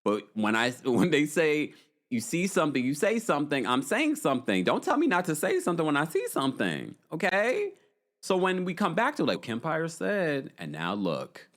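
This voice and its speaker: A man's voice: fairly high pitch, wildly swooping pitch, moderate pace, fairly bright tone. A man hosting a casual recap podcast, chatty and opinionated, reading comments from a live chat and often breaking into laughter. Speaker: podcast host.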